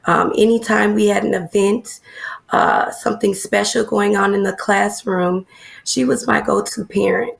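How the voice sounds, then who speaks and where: A woman's voice: medium pitch, fairly even intonation, measured pace, creaky. A woman who is an early learning teacher, answering interview questions earnestly, with frequent fillers.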